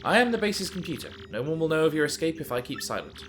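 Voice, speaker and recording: A man putting on a soft, formal computer AI. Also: on the high side, sing-song, a little hiss or hum. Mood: solemn. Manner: formal, measured, subdued. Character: calm, earnest male computer AI of an enemy base.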